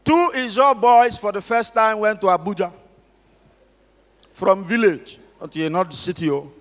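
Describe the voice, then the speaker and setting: A Nigerian man doing stand-up at an awards ceremony, telling jokes in an animated way and calling out to the crowd. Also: high voice, moderate pace. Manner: animated storyteller, calls out to the crowd. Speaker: stand-up comedian. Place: large awards ceremony hall. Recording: long reverb of a large hall.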